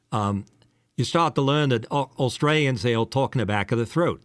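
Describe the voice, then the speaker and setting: A man co-hosting a casual podcast chat, a commercial voice actor who talks in an animated way and drops in quick impressions. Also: mid-range voice, dry recording. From United States.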